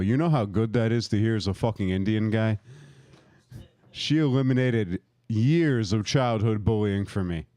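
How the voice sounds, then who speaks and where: A stand-up comic in his thirties performs a profane, rambling set, laughing at his own jokes and working the crowd. His voice is lowish and dark, at normal speed, with no echo.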